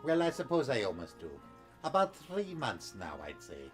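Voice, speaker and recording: A man's voice: medium pitch, huge pitch swings, moderate pace, music in the background. A man doing a grumpy old-fashioned tailor lady. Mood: grumbling. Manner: grumbling, put-upon. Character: grumpy middle-aged woman tailor.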